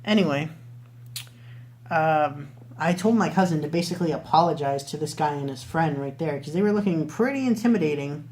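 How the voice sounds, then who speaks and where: A man's voice: fairly high pitch, animated, brisk, a little mellow. Young male vlogger, casual storyteller, loose and profane delivery. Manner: rambling, swears freely, many fillers.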